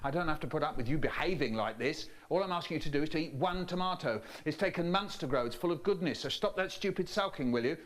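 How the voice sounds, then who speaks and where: A man's voice: on the high side, expressive, fairly bright tone. A man playing a stern nagging mother. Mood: exasperated. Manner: nagging, rapid lecturing. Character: stern scolding mother lecturing her child.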